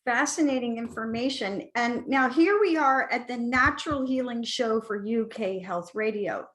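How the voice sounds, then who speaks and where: A woman's voice: on the high side, normal speed, a bit bright. A woman hosting a radio interview show, giving affirming responses to her guest.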